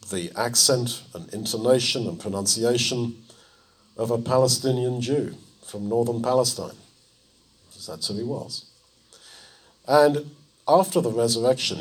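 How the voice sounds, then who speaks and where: Husky preacher, animated storytelling. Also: male voice, mid-range voice. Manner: animated storytelling, acting out dialogue in quick voices. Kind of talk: sermon.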